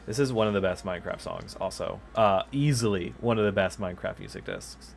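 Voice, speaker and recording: A man with a slightly low voice chats casually while he streams a game. He rambles and often stops to correct himself, joking as he goes. His microphone sits a little way from his mouth. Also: a little fast, gravelly, faint music behind. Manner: rambling, self-correcting, playful. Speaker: gaming channel host. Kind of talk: casual chat while live streaming gameplay. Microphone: microphone kept far from the mouth.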